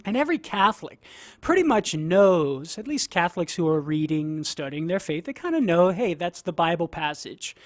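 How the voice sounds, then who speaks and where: A man's voice: a little high, sing-song, moderate pace, dry recording. A man from southern Louisiana with a Cajun accent, a guest on a radio show, talking casually and laughing often as he explains a Bible passage. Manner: laughs often, folksy and earnest. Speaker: guest apologist.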